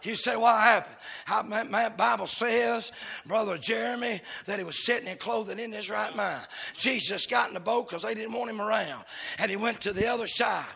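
A middle-aged man preaching a fervent sermon. He shouts with a sing-song cadence. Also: high-pitched, normal speed, gravelly, slightly rough.

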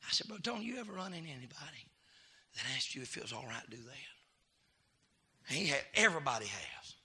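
A man preaching a fiery sermon, calling out to the congregation and swinging from hushed asides to shouting. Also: mid-range voice, very animated, fairly quick, breathy edge.

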